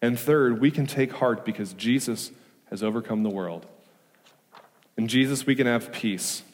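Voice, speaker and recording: A man preaching a sermon as pastor, emphatic, asking rhetorical questions and moving between loud urgency and hushed reassurance. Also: medium pitch, moderate pace. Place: church sanctuary. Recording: reverberant church hall.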